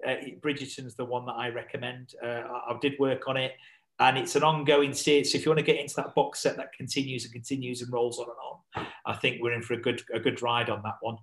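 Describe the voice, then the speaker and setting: A man's voice: mid-range voice, little pitch movement, fast talker, a bit bright, poor audio. A man chatting as a podcast guest, rambling with lots of fillers and restarts. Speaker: podcast guest, survival instructor. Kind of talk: casual podcast chat.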